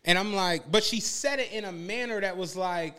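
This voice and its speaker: A man's voice: high voice, normal speed. A man co-hosting a podcast, telling a story in casual chat and acting out the quotes. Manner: animated storyteller, acts out quotes. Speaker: podcast co-host.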